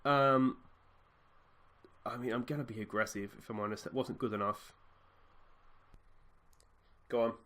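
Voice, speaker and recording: A man in his thirties with an Australian accent, commentating his own football game video and swinging between shouts and deflated murmurs. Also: medium pitch, steady tone, measured pace, long pauses. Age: 30s. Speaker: gaming video host.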